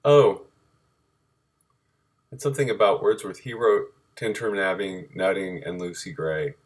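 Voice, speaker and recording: A man reading a timeline of dates from his notes, halting and correcting himself as he goes. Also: low voice, husky. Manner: halting, self-correcting, reads dates aloud.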